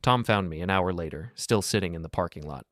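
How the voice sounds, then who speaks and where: A man narrating a first-person story in a measured, earnest way. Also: sits low, fairly bright tone, no room sound, clean studio sound.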